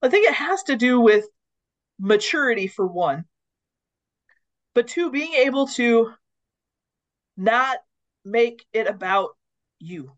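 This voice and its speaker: Podcast lady chatting about leadership, acts out the quotes, kinda high voice, muffled audio. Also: slow pace, long pauses. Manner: animated storyteller who acts out quoted lines. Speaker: podcast co-host. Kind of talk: casual conversation on leadership. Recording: dull lo-fi audio.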